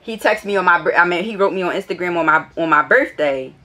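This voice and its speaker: Young woman, lowish voice, casual storytime vlog, blunt, swears freely. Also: quick pace. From Philadelphia. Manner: blunt and profane, gets animated and higher when annoyed. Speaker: vlogger. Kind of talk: casual storytime, reading out old messages.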